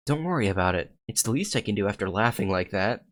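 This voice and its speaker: A man's voice: lowish voice, expressive, fast talker, fairly bright tone, pitched below the performer's own voice. Man reading as a polite teenage schoolboy. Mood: calm. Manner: plain read-aloud delivery. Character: calm polite teenage boy student.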